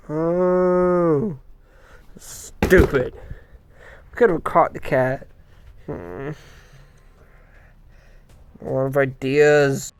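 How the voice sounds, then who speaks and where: A man performing a casual comedy skit, stammering and bickering in an exasperated way. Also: fairly high pitch. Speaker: comedy video creator voicing several characters.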